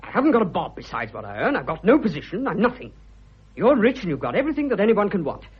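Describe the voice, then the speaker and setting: Brief: actor playing eager young suitor, husky, bluff and fervent, lively swinging pitch, dull old radio sound. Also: male voice, fast talker, full character voice. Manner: bluff, fervent, stammering when moved. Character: eager young male suitor, blunt and boyish. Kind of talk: vintage radio drama acting.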